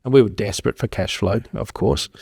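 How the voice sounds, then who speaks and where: A man's voice: fairly low pitch, fairly quick, gravelly, husky. A middle-aged man, telling stories in a rambling, casual way as a farm consultant in an interview. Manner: rambling, animated storyteller who acts out quoted voices.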